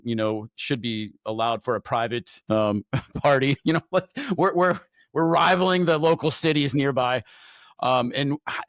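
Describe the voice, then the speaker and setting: A man guest on a faith podcast, telling a personal story in a candid, animated way, often repeating words and restarting. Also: medium pitch, no echo. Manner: animated storyteller who acts out his own thoughts.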